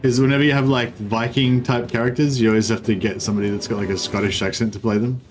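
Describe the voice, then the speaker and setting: A man streams a strategy game, talking fast in a mid-range voice with casual, wandering commentary, self-interruptions and the odd curse. Faint music and steady noise sit behind his voice in a rough recording.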